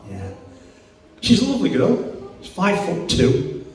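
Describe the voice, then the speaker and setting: A man's voice: sits high, wildly swooping pitch, unhurried. A middle-aged man with a Yorkshire accent doing crude, self-mocking stand-up comedy and bantering with the crowd in a club. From Yorkshire, England. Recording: echoey club from far off.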